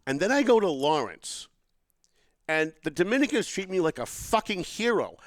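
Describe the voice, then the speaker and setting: A man's voice: high voice, normal speed, no echo. A middle-aged man hosting a podcast, telling stories in casual political chat and acting out what people said to him. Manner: animated storytelling, acts out quotes. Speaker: podcast host.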